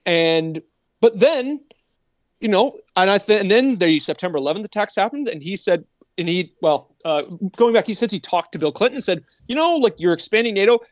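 A man's voice: high-pitched, animated, brisk, no echo. A man hosting a political commentary show, retelling events in a rambling, casual way, with many restarts and quoted asides.

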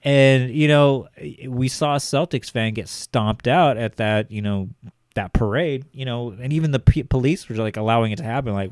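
A man's voice: medium pitch, normal speed, smooth, dry recording, studio quality. A man in his thirties co-hosting a casual chat, rambling with lots of filler words. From Los Angeles area. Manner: rambling, heavy on fillers like "like" and "you know". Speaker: podcast co-host.

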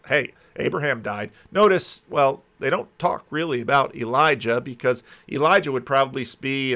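A man's voice: medium pitch, pushed and bright. Man musing through scripture commentary. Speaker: Bible teacher. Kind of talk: conversational scripture commentary video.

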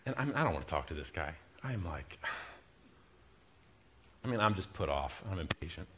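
A middle-aged man, preaching a sermon and telling a story, moving from quiet, confiding asides to loud, driving emphasis. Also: deep voice, big pitch swings, a little slow, a little hiss or hum. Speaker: pastor.

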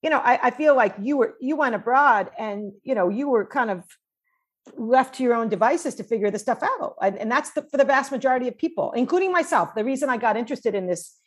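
Her voice sits on the high side, husky and fairly quick, as this New York woman, a cross-cultural psychologist, talks in a conversational interview. Animated and chatty, she tells stories sprinkled with fillers.

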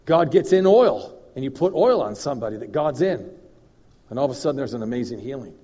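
A man preaching as a guest minister, telling a story in an animated way that swings from loud and emphatic to low and confiding. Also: fairly quick, slightly rough. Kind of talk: storytelling sermon. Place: church hall. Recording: dull recording in a reverberant hall.

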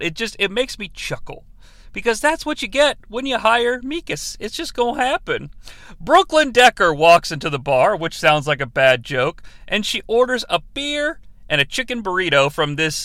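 A man's voice: sits high, sharp tone, no room sound. A young adult man hosting a podcast, giving a sarcastic, profane comedic review of a movie and acting out lines from its scenes.

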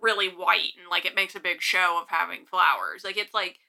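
Bright woman chatting, full of "like". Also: on the low side, fairly even intonation, normal speed, vocal fry. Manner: chatty, full of "like", asks questions. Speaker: podcast co-host. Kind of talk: casual chat.

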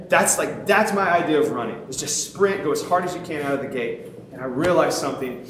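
A man preaching a sermon in an animated, conversational way, poking fun at himself. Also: mid-range voice, very echoey, slight background noise. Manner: animated, conversational, self-mocking, laughs often.

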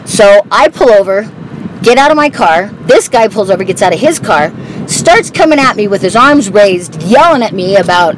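A woman's voice: medium pitch, expressive, moderate pace. A woman telling stories in a candid, profane, casual way while she drives her car. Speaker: vlogger. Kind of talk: casual monologue while driving. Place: inside a car on the road. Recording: loud road and car noise.

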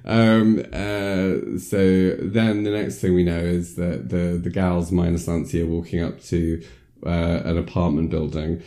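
A man's voice: low-pitched, flat delivery, unhurried, dark tone. A man casually recapping a film as a podcast co-host, rambling with many fillers and acting out lines. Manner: rambling storyteller, many ums, acts out lines in silly voices. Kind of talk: casual chat.

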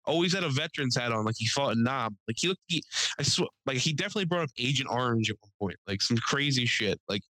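Bright-voiced young man telling stories. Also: mid-range voice, fast, no echo, low-quality recording. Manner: animated, profane, acts out quotes in raised voice. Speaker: podcast co-host. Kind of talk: casual storytelling.

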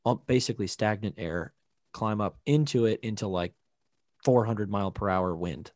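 Low, mellow man explaining casually. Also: moderate pace, no room sound, studio quality. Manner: explanatory, many fillers like "like" and "you know". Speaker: podcast co-host. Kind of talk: casual chat.

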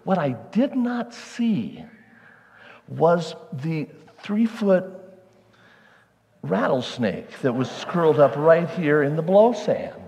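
A male pastor telling a lively personal story in a conversational sermon style. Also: on the high side, slow pace, slight background noise. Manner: animated, conversational, self-deprecating. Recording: long hall reverb.

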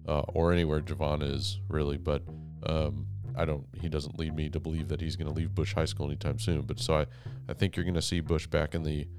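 A man hosting a podcast, rambling and self-deprecating, talking quietly in a home office. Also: very deep voice. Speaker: podcast host. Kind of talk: casual monologue. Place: wife's office, speaking quietly.

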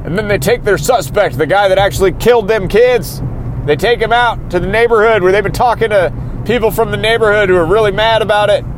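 Brisk and high-voiced, the man recaps a TV episode for his podcast from inside a moving car, rambling casually. As he goes on he gets himself worked up again and again, over audible background noise.

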